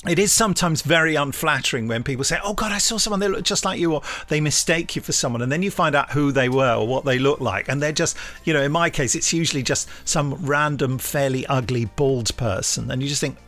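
Gravelly older Englishman telling anecdotes. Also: medium pitch, brisk, hardly any pauses, a bit bright. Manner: anecdotal, self-deprecating storyteller. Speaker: podcast co-host. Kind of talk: casual chat.

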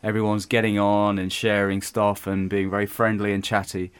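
A man's voice: fairly low pitch, flat delivery, normal speed, clear, resonant tone, no echo. An English man, a guest actor, chatting modestly and rambling with restarts. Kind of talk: casual chat.

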